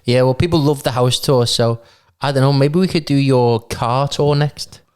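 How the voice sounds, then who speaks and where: A man with a mid-pitched voice, co-hosting a casual podcast conversation. He is easygoing and persuasive, and he keeps nudging his partner with new ideas. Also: moderate pace, darkish tone, clean tone. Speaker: podcast co-host. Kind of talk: casual chat.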